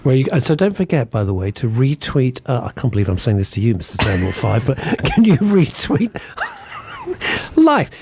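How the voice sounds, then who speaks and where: A man's voice: mid-range voice, wildly swooping pitch, normal speed, background noise. A man hosting a radio talk show, playful and teasing, laughing often in casual chat. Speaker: radio host.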